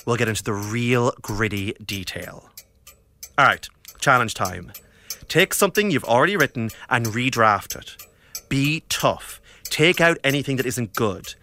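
A man presenting a scripted segment of writing advice, brisk, encouraging and direct. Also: mid-range voice, sharp tone.

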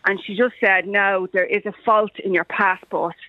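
A woman's voice: medium pitch, fairly even intonation, normal speed, dry recording. An Irish woman calling into a radio show, telling a story animatedly and acting out the voices in it. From Ireland. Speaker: radio caller. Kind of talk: phone-in storytelling. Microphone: telephone. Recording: muffled phone line.

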